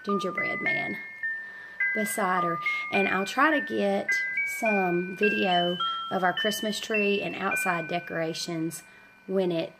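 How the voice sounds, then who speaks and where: A woman's voice: mid-range voice, fairly even intonation, slow pace, over loud music. A woman in her forties with a stuffy head cold, chatting casually as she shows her home and rambles with a few ums. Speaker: homeschooling mom vlogger. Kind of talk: casual home-tour chat. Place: her own house, indoors.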